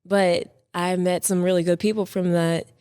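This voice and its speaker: A woman's voice: fairly low pitch, moderate pace, smooth, no room sound. Giggly young woman guest, dry sound. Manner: relaxed, giggly, lots of fillers. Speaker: podcast guest, model and actress. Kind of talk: casual interview chat.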